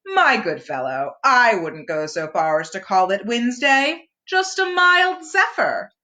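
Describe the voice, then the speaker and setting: A woman's voice: mid-range voice, sing-song, a little slow, bright, forceful tone. A woman voicing a pompous, long-winded old male owl who rambles grandly.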